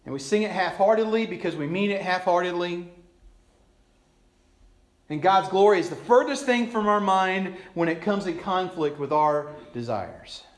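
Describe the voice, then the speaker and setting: A male pastor preaching a sermon emphatically, swinging between raised lines and hushed ones. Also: sits high, normal speed, echoey room.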